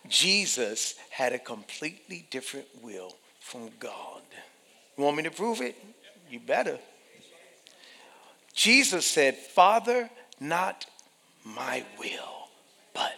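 A man preaching a sermon, swinging from hushed whispers to loud, shouted passages. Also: a little high, very animated, takes it slowly, creaky, pauses often, big-room sound. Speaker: pastor.

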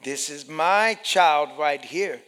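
A man preaching a sermon gives voice to God as a tender, protective father, speaking up loudly and fervently. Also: fairly high pitch, slow, smooth, in a large hall.

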